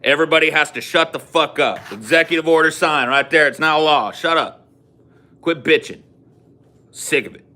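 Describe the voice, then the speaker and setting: A man's voice: medium pitch, lively intonation, measured pace, sharp tone, voice pushed up. A man voicing a crude, bellowing male president who rants at his critics and barks profane orders. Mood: ranting. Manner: profane, ranting, barking orders.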